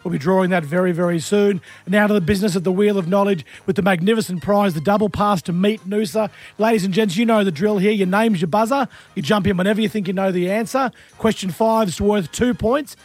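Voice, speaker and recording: A man's voice: high-pitched, darkish tone. A man with an Australian accent hosting a radio quiz, jokey and teasing with the callers. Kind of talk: breakfast radio banter.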